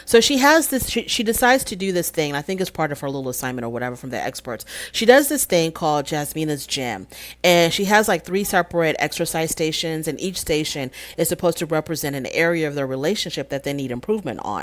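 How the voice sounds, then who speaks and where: A woman with a notably low voice talks through a reality show episode in a loose, conversational recap. She is opinionated and chatty, leaning often on "you know" as she works through her thoughts. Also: animated, quick pace. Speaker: show reviewer, channel host. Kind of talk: casual episode recap and review.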